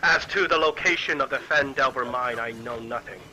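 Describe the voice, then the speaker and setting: A man voicing a lustful, shifty male prisoner in a tabletop game, giving up what he knows slowly and hesitantly. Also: medium pitch, pushed and bright, a little hiss or hum, low-quality recording. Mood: confiding.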